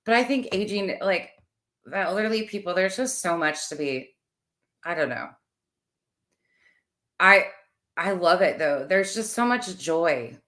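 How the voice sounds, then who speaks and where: Woman, 30s, low voice, rambling livestream host chatting with viewers. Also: animated, measured pace, pauses often, a bit bright. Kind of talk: casual livestream chat.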